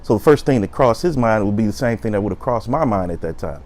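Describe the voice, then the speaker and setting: Lively man telling a story. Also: lowish voice, fast talker, few pauses. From South Side of Chicago. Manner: lively storyteller, acts out quotes. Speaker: host. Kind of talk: storytelling talk.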